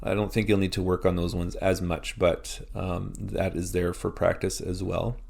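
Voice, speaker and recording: A man's voice: low-pitched, flat delivery, normal speed, gravelly, a little mellow. A man teaching a recorded language lesson, explaining patiently and encouraging practice.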